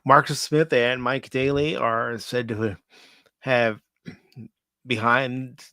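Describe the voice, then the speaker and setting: A man's voice: mid-range voice, steady tone, slow, pushed and bright, clear, resonant tone, dry recording. Man reading pop culture news. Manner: reads news items, then adds wry asides. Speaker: host.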